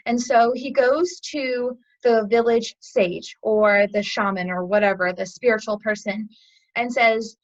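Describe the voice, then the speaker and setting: Woman, yoga teacher, animated storyteller, fairly high voice, muffled recording. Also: measured pace. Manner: animated, chatty storyteller with fillers. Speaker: interview guest, yoga teacher. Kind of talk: storytelling a parable in conversation.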